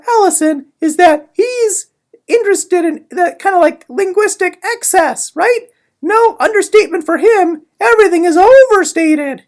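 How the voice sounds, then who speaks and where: A woman's voice: very high voice, darkish tone. A woman giving a casual, sarcastic summary lesson on a novel chapter, with playful asides. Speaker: literature explainer.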